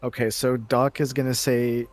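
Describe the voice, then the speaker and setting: A man at a tabletop game, telling what his character does in a loose, halting way. His voice sits in a middle pitch. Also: flat delivery. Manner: casual, halting third-person narration. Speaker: player. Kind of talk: tabletop role-play narration.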